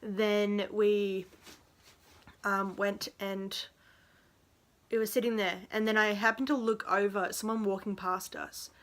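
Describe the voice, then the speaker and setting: A young woman tells a storytime in a vlog. She rambles, laughs between phrases and fills pauses with "um" and "like". Her voice sits at a middle pitch for a woman. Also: flat delivery, a bit bright. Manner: rambling and giggly, full of fillers. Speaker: vlogger.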